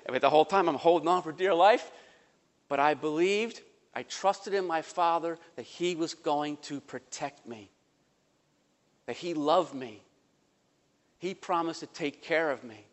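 A man preaching a sermon as pastor, telling stories and moving between soft, quiet passages and emphatic ones. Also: on the high side, in a large hall.

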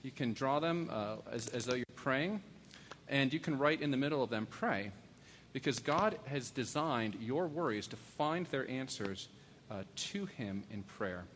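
Pleading pastor in an echoey church. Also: male voice, mid-range voice, lively intonation, a little slow, fairly bright tone, a little hiss or hum. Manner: earnest, pleading, storytelling with asides to kids. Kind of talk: sermon. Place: church sanctuary.

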